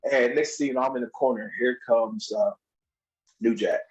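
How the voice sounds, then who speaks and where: A man telling wrestling stories as a podcast guest, in a casual, animated way, acting out other people's lines in a raised voice and laughing often. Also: mid-range voice, normal speed, highs cut off. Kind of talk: casual storytelling.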